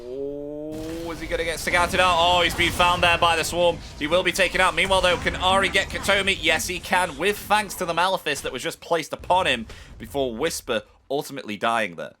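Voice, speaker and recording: A man calls a live esports match play-by-play, his voice sitting high for a man. He moves from steady narration to excited shouting as the fights break out. A clear music bed runs underneath. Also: brisk. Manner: excitable, builds to shouts at kills. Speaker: esports caster. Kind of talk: live game play-by-play commentary.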